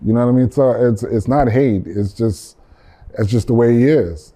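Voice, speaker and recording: Man, composer guest, casual interview talk, rambling, dark mellow voice. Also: medium pitch, normal speed. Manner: relaxed, rambling, repeats words.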